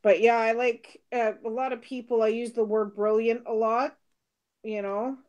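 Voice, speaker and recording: Middle-aged woman co-host, bright high pitch, relaxed chatter and frequent laughs, no accent. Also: moderate pace. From Britain. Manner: chatty, laughs often, answers comments aloud. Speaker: co-host reading viewer comments. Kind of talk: casual live-stream chat.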